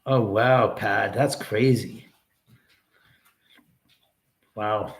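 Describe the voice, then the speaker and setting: A middle-aged man talks loosely to his livestream viewers from home, at an ordinary pitch. His talk rambles and restarts, and he turns blunt and profane when riled. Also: expressive, normal speed. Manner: rambling, talks to chat and his dog, swears when angry. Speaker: livestream host. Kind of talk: casual livestream chat. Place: indoors at home.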